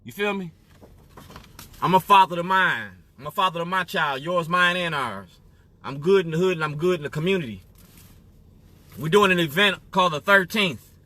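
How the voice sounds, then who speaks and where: A man's voice: high voice, normal speed, long pauses, pushed and bright, no echo. A man from Illinois speaking straight to camera in an emphatic monologue. He keeps asking "you feel me?". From Waukegan area, Illinois, US. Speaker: activist.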